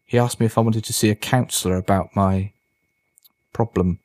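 A man voicing an anxious, easily embarrassed teenage boy who talks quickly and defensively. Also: steady tone, a little mellow, no echo, lightly acted. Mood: ashamed. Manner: quick, defensive and squeaky when upset.

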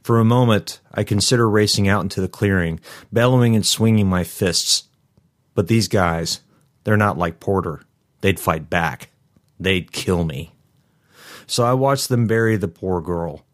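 A man narrating a first-person story in a measured, somber way. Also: sits low. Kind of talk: first-person fiction reading.

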